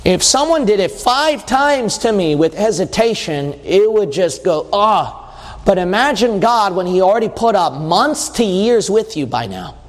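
A man with a high voice preaches a sermon with long reverb trailing each phrase. He sounds emphatic and conversational, hammering his points home through repetition. The sound carries like a church sanctuary. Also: sing-song, moderate pace, few pauses.

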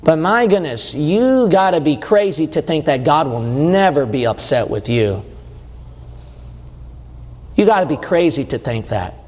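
A man with a high voice preaches a sermon with long reverb trailing each phrase. He sounds emphatic and conversational, hammering his points home through repetition. The sound carries like a church sanctuary. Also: very animated, unhurried, darkish tone.

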